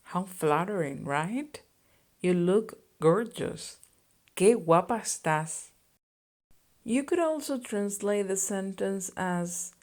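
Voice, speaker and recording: Woman teacher, slow, methodical lesson delivery. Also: medium pitch, darkish tone. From Spain. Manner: slow and deliberate, explaining phrases and conjugations. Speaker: Spanish teacher. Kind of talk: scripted language lesson.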